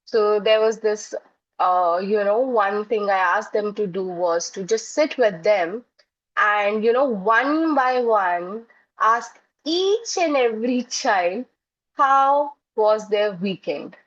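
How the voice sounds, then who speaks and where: A woman's voice: medium pitch, slow pace. A woman psychologist and educator answering interview questions earnestly, explaining through classroom stories. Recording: dull lo-fi audio.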